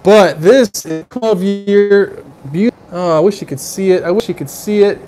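Unhurried and mellow, the high-pitched host chats loosely with his live-stream viewers, exclaiming over every taste and smell and drifting into rambling asides. Soft music plays in the background.

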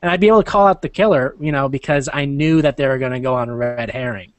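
A man's voice: mid-range voice, fast talker, no room sound. A man hosting a casual podcast chat, rambling and restarting his sentences, with frequent chuckles. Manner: rambling, self-interrupting, chuckles often. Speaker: podcast host.

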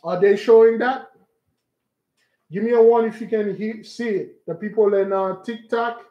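A man's voice: high voice, fairly even intonation, moderate pace, highs cut off. A man hosting a livestream, talking in an emphatic, preachy way and repeating his points. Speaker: online show host. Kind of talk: livestream commentary.

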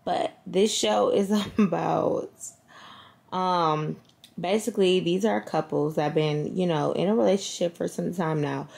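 A woman's voice: on the low side, unhurried, vocal fry, a little mellow, echoey room. A young woman vlogging in casual, slangy chat, rambling with fillers and asides to her viewers. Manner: chatty and slangy, trailing off with fillers. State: tired and low-energy at first.

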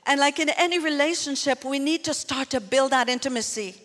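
A woman pastor delivers a sermon with a fairly high voice. She preaches earnestly and talks to the congregation as if chatting. Her words ring out with a long reverb in a church hall. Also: a little fast, a bit bright.

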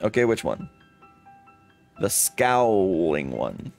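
A man's voice: low-pitched, very animated, slow pace, vocal fry, faint music behind. A man casually commenting while playing a comedy game, reading the on-screen text aloud as he goes. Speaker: let's play host.

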